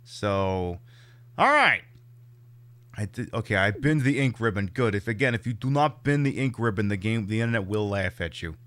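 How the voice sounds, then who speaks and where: A man's voice: fairly low pitch, expressive, moderate pace, fairly bright tone. A man streaming a game, rambling and joking about himself as he plays. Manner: rambling, self-mocking and jokey. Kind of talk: live gameplay commentary.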